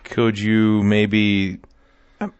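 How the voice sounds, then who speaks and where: A man with a low voice leads a comedic news chat. The sound is dry and close, with nothing from the room. He teases his co-hosts as he tees up each strange story. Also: level tone, drawn-out words, clean tone, no room sound, dull audio. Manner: wry, teasing, leads the segment. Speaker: podcast host.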